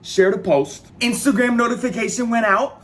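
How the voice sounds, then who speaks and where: A man's voice: extremely high pitch, normal speed. A young man, a clothing brand owner, chatting casually to his viewers in a slangy vlog. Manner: relaxed, slangy, talks straight to viewers.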